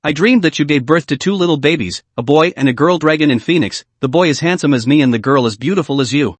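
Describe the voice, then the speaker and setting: A playful, smooth-talking young man from a comic recap, read by a male narrator. He teases in a light, easy manner. The voice sits a little high and sounds dry and close. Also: quick pace, no room sound, lightly acted. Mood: teasing. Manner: teasing.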